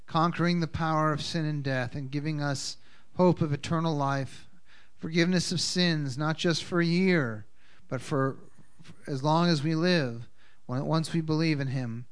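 A man leading a congregation's communion service, speaking in an unhurried, halting way with fillers. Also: on the high side, clean tone. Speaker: congregation leader. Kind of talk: communion service talk with Hebrew blessings.

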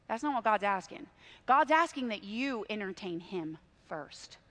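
A woman's voice: sits high, lively intonation, moderate pace, fairly bright tone. A middle-aged woman preaching a sermon, telling stories with emphatic swings in volume.

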